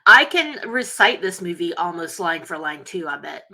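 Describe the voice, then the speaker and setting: A woman's voice: lowish voice, big pitch swings, normal speed, sharp tone. A woman co-hosting a movie podcast in casual, giggly, rambling chat. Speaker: podcast co-host.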